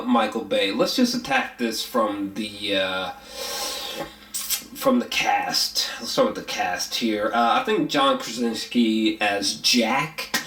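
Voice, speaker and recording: Male film reviewer, mid-pitched, loose and profane delivery, echoey room. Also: fairly bright tone. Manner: rambling, frequent fillers and restarts, blunt with profanity. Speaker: movie reviewer. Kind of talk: casual spoken film review. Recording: roomy echo.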